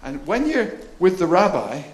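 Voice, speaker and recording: Preaching at a moderate pace, this man's high-sitting, sing-song voice carries a chatty, joke-filled sermon. He laughs a lot and performs the voices of the story's characters, all in an echoey room with faint ambience.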